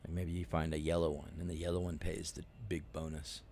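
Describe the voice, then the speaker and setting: A man's voice: a bass voice, flat delivery, fairly quick, a little mellow, a little hiss or hum. A man casually chatting on a live stream while he plays, rambling along with plenty of fillers. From United States. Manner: rambling, laid-back, many fillers. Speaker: game streamer.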